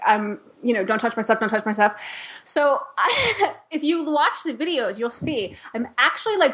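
A woman talks through a story in a loose, chatty way. She peppers her lines with "like" and breaks into laughs. Her voice sits a little high. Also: a bit bright. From Chicago. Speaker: podcast guest, company founder. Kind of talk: casual chat.

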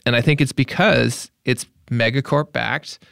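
A man's voice: mid-range voice, fairly even intonation, a little slow, vocal fry, fairly bright tone, clear, resonant tone, no echo, studio quality. A man on a podcast panel, talking through tech topics in a thoughtful, casual way, often hedging with "like".

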